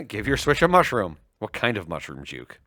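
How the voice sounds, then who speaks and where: Animated male co-host, jokey promo reads, dry booth sound. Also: fairly low pitch, unhurried, no room sound. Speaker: livestream co-host. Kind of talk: casual tech chat.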